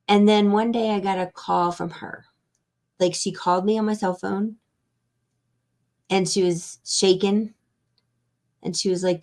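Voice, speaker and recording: A woman's voice: on the low side, steady tone, a little slow, pauses often, darkish tone. A woman hosting an interview, a foundation founder, speaking earnestly and reflectively about her mission over a video call.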